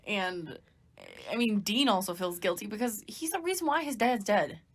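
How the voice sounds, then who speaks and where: Podcast co-host, woman, emotional quick chat, mid pitch. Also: animated, slight background noise. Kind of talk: casual fan chat.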